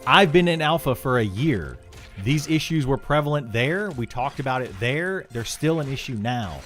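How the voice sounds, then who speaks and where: A male streamer talking straight to his chat in a very animated, up-and-down voice, frank and opinionated. He stumbles and restarts his sentences as he gets worked up, with soft music playing under him. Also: mid-range voice, moderate pace. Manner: frank and opinionated, reads chat aloud then answers; restarts and stammers when heated. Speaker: game streamer.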